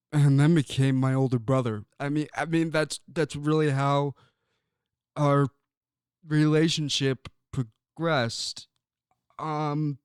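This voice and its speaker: A young man from Illinois hosting a sports talk show, speaking earnestly and haltingly with frequent ums and repeated words. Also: mid-range voice, a little mellow, smooth, no room sound, clean studio sound. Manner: earnest and personal. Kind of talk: casual sports talk monologue.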